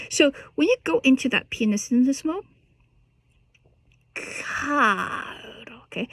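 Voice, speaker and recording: A woman's voice: sits high, expressive, slow, pauses often, a bit bright, dry recording. A woman teaching a singing lesson, explaining technique with lots of restarts and breaking into short sung and spoken demonstrations.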